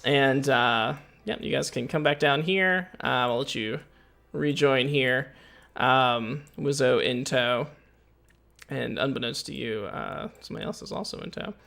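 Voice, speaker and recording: A man running a tabletop game as game master, narrating in a relaxed, hesitant way full of filler words. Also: mid-range voice, a little slow, creaky. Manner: relaxed, hesitant, lots of uhs and laughs.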